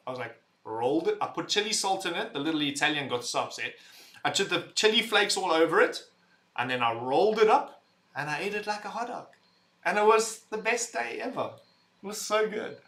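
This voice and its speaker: A young man hosting a casual livestream, reading chat messages aloud, loud and rambling, laughing and swearing as he talks. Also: on the high side. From visitor to the UK.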